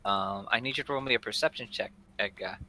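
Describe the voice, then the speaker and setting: A man's voice: lowish voice, fast, sharp tone, slight background noise, low-quality recording. A man narrating a tabletop game as game master in a casual, loose way.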